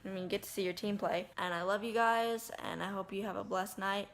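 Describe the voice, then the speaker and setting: A woman's voice: medium pitch, fairly even intonation, brisk, creaky. A woman vlogger chatting casually to the camera, retelling what people said with lots of "like" and "I said.".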